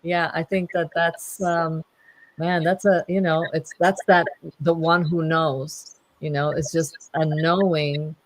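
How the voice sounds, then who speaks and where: A woman's voice: low voice, level tone, takes it slowly, dry recording. A woman in casual conversation, playful and teasing, laughing often.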